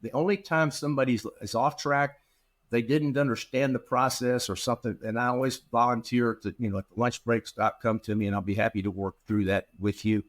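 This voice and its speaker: A man's voice: medium pitch, brisk. A middle-aged man, a practice management consultant, telling stories in an interview and acting out the dialogue he quotes. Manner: animated, acts out quoted dialogue. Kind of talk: storytelling in an interview.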